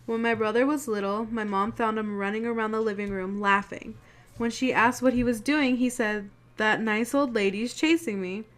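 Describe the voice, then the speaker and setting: A woman's voice: a little high, fairly even intonation, normal speed, fairly bright tone. A young woman hosting her channel, chatting casually and telling spooky stories, swearing freely and acting out what people said. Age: young adult. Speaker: channel host.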